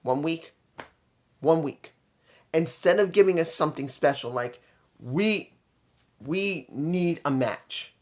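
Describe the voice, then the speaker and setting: A man's voice: on the high side, slow, long pauses. A man giving a casual spoken review, blunt and opinionated, rambling from point to point. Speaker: wrestling show reviewer.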